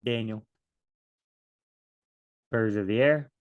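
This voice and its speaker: A man's voice: fairly low pitch, slow, clear, resonant tone, lo-fi sound. A man leading a casual Bible study, thinking aloud and adding joking asides as he reads verses.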